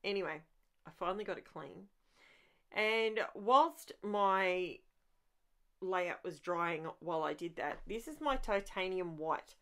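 A woman's voice: fairly low pitch, slow pace, a bit bright. A woman hosting a crafting video, talking over her process in a chatty, rambling way that is full of enthusiasm. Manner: chatty, rambling, thinks aloud with frequent restarts; enthusiastic about messy art play.

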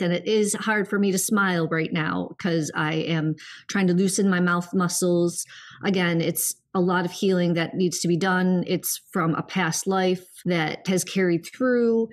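A middle-aged woman co-hosting a spiritual podcast, talking earnestly in a rambling casual way with many fillers. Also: fairly low pitch. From United States. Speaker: podcast co-host.

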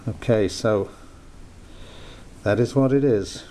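Background noise accompanies this older UK man's lowish, slow voice as he films a homemade knot-tying tutorial in his lounge. He uses a put-on American accent and keeps the lesson chatty and jokey, with many hesitant fillers.

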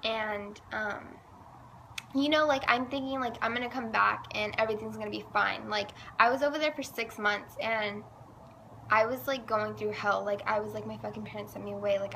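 Bright-voiced teenage girl storyteller. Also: medium pitch, creaky. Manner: chatty, says "like" a lot. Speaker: vlogger. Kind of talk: casual storytelling. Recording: faint background noise.

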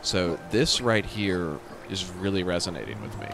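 A man hosting a let's play, commentating his gameplay in an excitable, self-mocking way. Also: low voice, moderate pace, gravelly. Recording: game music behind the voice.

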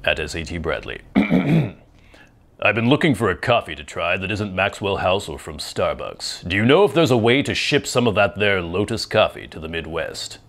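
A man voicing a dramatic movie trailer announcer, slow and weighty. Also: low-pitched, very animated, vocal fry, fairly bright tone, heavily acted.

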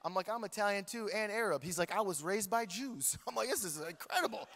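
A pastor preaches a story-driven sermon with lively humor, speaking directly to the people in the pews. He has a high, bright, forward voice and talks fairly quickly, while a big church hall adds long, echoing reverb.

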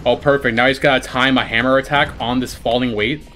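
A man giving excited commentary while playing a video game, swinging between calm explanation and shrieking, laughing panic, swearing a lot and boasting jokingly. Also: mid-range voice, a little fast, soft background music. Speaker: gaming YouTuber.

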